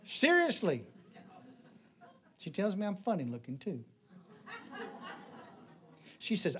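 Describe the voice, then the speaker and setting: A middle-aged man preaching a sermon in a church, folksy and joking, telling stories with animated delivery. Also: sits high, slow pace, long pauses. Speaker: pastor. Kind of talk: sermon with jokes.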